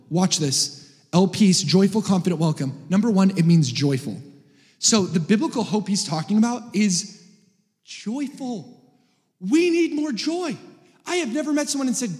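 A man preaches with a high, bright voice, cracking jokes and rising to shouts. His words ring out with a long reverb across a large church hall. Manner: joking, animated, builds to shouts. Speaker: guest preacher. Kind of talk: energetic sermon.

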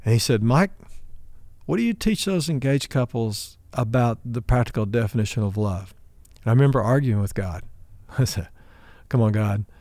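A man's voice: medium pitch, lively intonation, moderate pace, darkish tone, no room sound. A middle-aged man from Oklahoma preaching a sermon, telling a personal story and acting out the dialogue with a lifted voice for the quoted lines. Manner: acts out dialogue in his stories, raising his voice for the quoted lines. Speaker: pastor.

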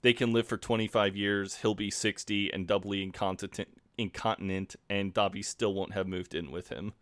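A man co-hosting a podcast, wryly recapping scenes in relaxed casual chat on a home mic. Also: lowish voice, normal speed, no echo. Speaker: podcast co-host.

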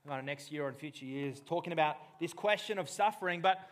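A man delivering a sermon with real passion. His voice sits a little high, and he drops to near-hushed lines before building into loud, urgent bursts. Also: fast. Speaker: pastor.

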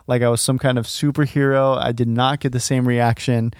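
A man's voice: mid-range voice, level tone, a little fast, clean tone, dry recording, studio quality. A man telling a self-deprecating personal story in a casual talk, chuckling often and restarting his sentences.

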